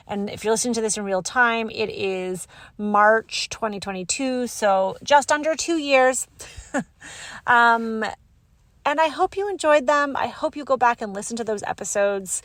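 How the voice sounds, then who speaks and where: A woman hosting a podcast, talking alone to her listeners in a bubbly, excitable and emotional way. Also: a little high, no room sound. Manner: bubbly and excitable, laughing and gushing. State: emotional, close to tears. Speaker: podcast host. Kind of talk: solo podcast sign-off.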